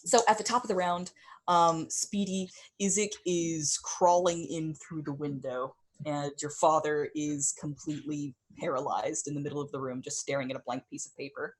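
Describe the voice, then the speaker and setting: A woman with a low voice runs a tabletop game, describing the action scene by scene. She keeps an easy, unhurried manner and fills pauses with soft ums. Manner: relaxed, with frequent ums. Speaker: game master.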